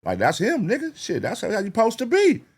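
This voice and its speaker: Slangy, animated man reacting on camera. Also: high-pitched, brisk, slightly rough. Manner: animated, slangy, repeats himself, asks the viewers. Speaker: reaction video host. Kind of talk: casual reaction commentary.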